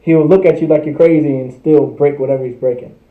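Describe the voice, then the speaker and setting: A young man teaches a livestreamed language class, drilling words over and over with casual, conversational asides. He talks fast in a fairly high, steady voice. The audio is tinny and phone-like in an echoey room.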